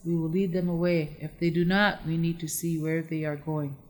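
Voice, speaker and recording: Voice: medium pitch, level tone, normal speed, close to an everyday voice. A narrator voicing Two Bulls, a warrior leader who gives orders in a terse, commanding way. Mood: urgent. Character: decisive adult warrior leader. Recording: long echoey reverb.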